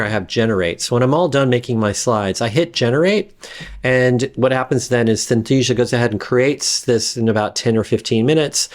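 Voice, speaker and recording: A man giving a casual screen-recorded software tutorial, rambling with frequent fillers and restarts. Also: mid-range voice. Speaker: instructor demonstrating software.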